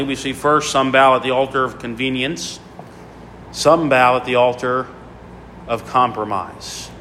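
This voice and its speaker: A man's voice: medium pitch, fairly bright tone, slight background noise. Preaching man in an echoing hall. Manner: preachy, repetitive cadence with many fillers. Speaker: pastor. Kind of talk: sermon. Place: church sanctuary. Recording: long reverb in a large hall.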